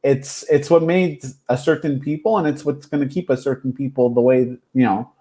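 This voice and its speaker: Man, mid-pitched voice, podcast co-host, emphatic, thoughtful. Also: fairly even intonation, moderate pace, mellow. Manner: emphatic, makes points in long thoughtful turns. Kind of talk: casual podcast chat.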